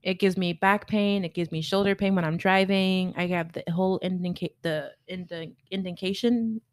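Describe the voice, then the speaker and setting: A young woman co-hosting a podcast, chatting casually and telling stories with lively quoted voices. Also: on the low side, moderate pace, no echo. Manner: animated storyteller, acts out quoted voices. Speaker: podcast co-host. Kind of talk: casual chat.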